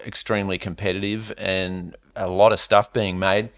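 A man's voice: low-pitched, little pitch movement, normal speed, a bit bright. A man hosting a podcast, asking questions in a friendly, casual way. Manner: friendly, calls guest mate. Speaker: podcast host.

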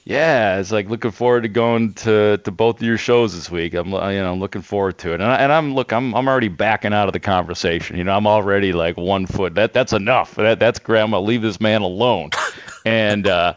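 A man who works as a sports radio reporter, telling a story on air in a casual, animated way and laughing at himself. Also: lowish voice, brisk, smooth, dry recording, highs cut off. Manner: animated, self-deprecating anecdote teller with laughs.

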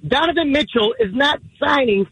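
A man's voice: very high-pitched, animated, moderate pace, a bit bright, a little hiss or hum, rough recording. A man calling in to a sports radio show from his car, indignant and stammering through restarts. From Cleveland area, USA. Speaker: caller. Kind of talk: call-in sports radio rant. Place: in a car, driving.

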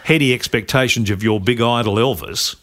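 An Australian man hosting a podcast, jokey and teasing, with frequent uh pauses. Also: medium pitch, fairly bright tone. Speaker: podcast host. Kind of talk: casual chat.

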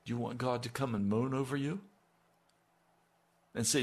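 A man's voice: medium pitch, fairly even intonation, normal speed, long pauses, husky. A man preaching a sermon, asking his listeners pointed rhetorical questions and building to emphatic peaks.

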